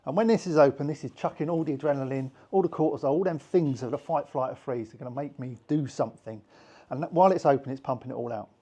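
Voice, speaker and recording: A British man teaching hypnosis keeps things chatty and casual with a small group, acting out little voices as he gives examples. His medium-pitched voice is mellow with a breathy edge, and he speaks at a quick pace.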